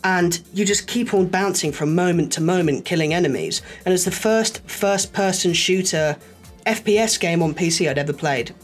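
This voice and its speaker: A man telling stories in a casual chat, lively and acting out the people he quotes. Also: sits high, normal speed, soft background music. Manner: animated storyteller, acts out quoted voices.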